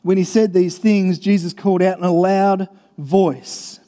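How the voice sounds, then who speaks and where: A high-pitched man preaches in a church, his voice carrying a long reverb through the hall. He talks earnestly and conversationally, repeating key phrases for emphasis and often restarting his sentences. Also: normal speed, few pauses, dark tone. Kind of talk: sermon.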